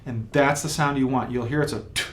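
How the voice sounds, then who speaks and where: A man at an ordinary pitch, patiently walking a beginner through a trumpet lesson one step at a time. He sounds out beats and syllables to show the rhythm. A faint hum sits behind his voice. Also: steady tone, fairly quick. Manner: patient, step-by-step explaining with spoken demonstrations. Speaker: trumpet teacher. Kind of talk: instructional video lesson.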